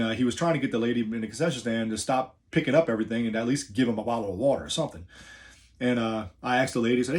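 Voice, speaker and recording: A middle-aged man from the New Orleans area with a New Orleans accent, a wrestler telling a story in a laid-back, rambling way with many fillers. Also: mid-range voice. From New Orleans area, USA. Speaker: professional wrestler. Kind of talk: casual storytelling.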